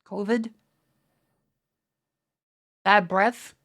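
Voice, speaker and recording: A woman's voice: medium pitch, fairly even intonation, very slow, a bit bright. Profane rambling Australian woman streamer. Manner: profane, rambling, stammers and restarts. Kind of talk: casual live-stream chat reading viewer comments.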